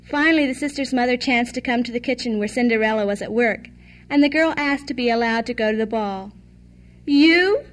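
A woman reads a classic fairy tale aloud in an even, measured manner. Her voice sits high. She paces the narration steadily. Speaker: storyteller.

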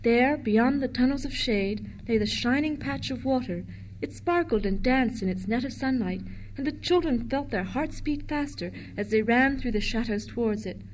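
A woman's voice: fairly high pitch, moderate pace, slight background noise. Woman reading a children's story.

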